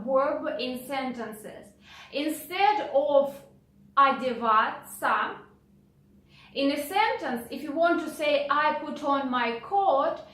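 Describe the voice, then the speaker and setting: A woman teaching a language lesson, repeating words slowly and carefully before explaining them. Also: high voice, fairly bright tone, echoey room, recorded from a distance. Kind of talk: video lesson, slow pronunciation drills.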